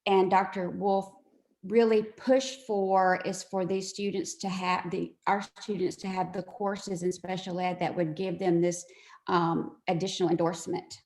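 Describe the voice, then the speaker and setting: Woman, department chair, slow halting moderator, echoey room. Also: fairly low pitch, level tone, a little mellow. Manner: slow, with many "um"s. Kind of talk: moderating a webinar.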